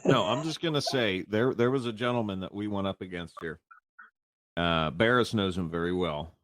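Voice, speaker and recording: A man's voice: fairly low pitch, normal speed, no echo, studio quality. A man co-hosting a podcast in casual chat, amused and chatty. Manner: amused, reading aloud with laughs. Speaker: podcast co-host.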